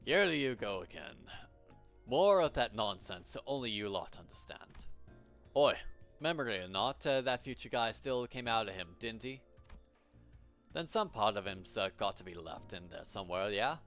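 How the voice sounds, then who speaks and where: A man's voice: lowish voice, lively intonation, moderate pace, a bit bright, faint music behind. A man voicing a blunt, cocky young man in a put-on British accent, full of slang and fillers. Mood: skeptical.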